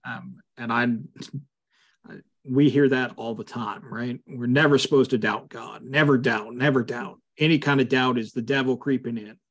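A man's voice: medium pitch, fairly even intonation, moderate pace, a bit bright. A male pastor leading a Bible study over a video call, talking conversationally with frequent fillers and emphatic asides.

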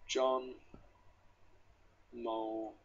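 A man's voice: medium pitch, level tone, very slow, a crowd in the background. A man from England giving casual, joking commentary while playing a video game, reading the on-screen text aloud. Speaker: gameplay commentator. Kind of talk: casual let's play commentary. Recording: dull lo-fi mic.

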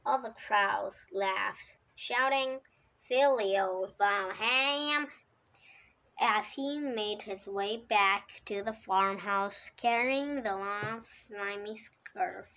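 A woman's voice: mid-range voice, sharp tone, poor audio. A woman reading a children's picture book aloud, with the odd slip and restart. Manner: slow, unhurried reading with occasional slips and restarts. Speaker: storybook reader.

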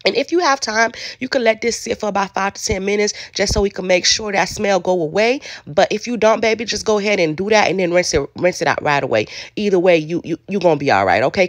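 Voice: mid-range voice, no echo. A home cook giving a casual cooking tutorial in a kitchen, talking straight to viewers and calling them baby, in loose, colloquial speech with many repeats.

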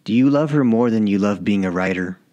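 A man's voice: on the low side, fairly quick, dark tone, dull audio, lightly acted. A man voicing a dying older male lawyer in an audiobook story, asking blunt, probing questions.

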